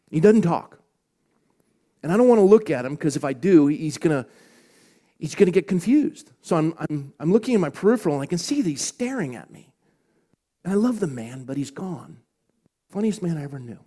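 Middle-aged pastor, warm mellow voice, choked-up sermon that sinks into whispers. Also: male voice, fairly high pitch, sing-song, fairly quick, pauses often. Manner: swings from loud to hushed whispers. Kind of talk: emotional sermon storytelling.

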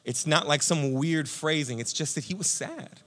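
A man pastor giving a conversational, energetic sermon, speaking to listeners as friends. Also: a little high, normal speed.

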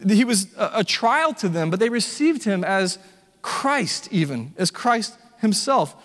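High-voiced preacher in a reverberant hall. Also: male voice, measured pace. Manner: animated storytelling, conversational asides to congregation. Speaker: pastor. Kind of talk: sermon.

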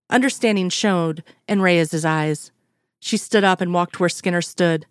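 A woman reading a romance story aloud in a steady, unhurried way. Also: fairly low pitch, clean tone, dry recording, clean studio sound. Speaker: reader. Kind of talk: fan fiction read aloud.

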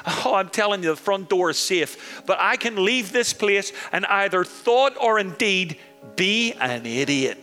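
A man's voice: high voice, expressive, a little slow, pushed and bright. A male pastor preaching a sermon, telling stories animatedly and addressing the congregation directly. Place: large church hall. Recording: echoey hall, faint music.

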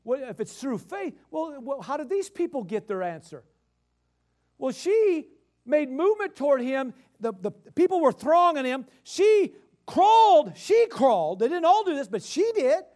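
Brief: male preacher, unusually high voice, emphatic and repetitive sermon delivery. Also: normal speed. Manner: animated, swings from loud emphatic bursts to quiet explaining.

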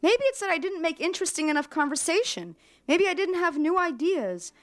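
A woman reading aloud, voicing an elderly grieving widow who asks quiet, pleading questions. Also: extremely high pitch, very animated, fairly quick, pitched above the performer's own voice.

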